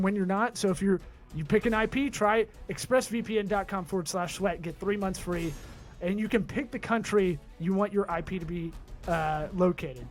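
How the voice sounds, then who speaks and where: A man's voice: sits high, darkish tone. A man hosting a comedy business podcast, reading sponsor plugs and joking with his co-host. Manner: jokey, rapid-fire sponsor plugs. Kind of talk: casual podcast chat with ad reads.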